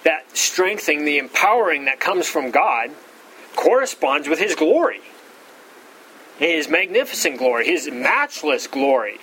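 Male pastor, slightly higher voice, expository sermon with emphatic pitch rises, faint background noise. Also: very animated, a little slow, sharp tone, poor audio. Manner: repeats words, frequent "all right" fillers. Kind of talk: expository Bible teaching.

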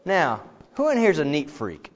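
Middle-aged man, Bible class teacher, casual and animated, dull lo-fi sound, long reverb. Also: a little high, moderate pace, a little hiss or hum. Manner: casual, animated, acts out quoted dialogue.

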